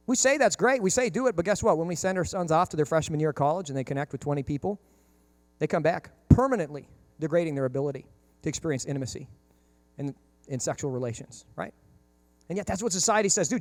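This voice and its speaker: Man, pastor, sermon, fast-talking, higher voice, animated, conversational, acts out quotes, dry close sound. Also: no room sound. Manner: humorous asides.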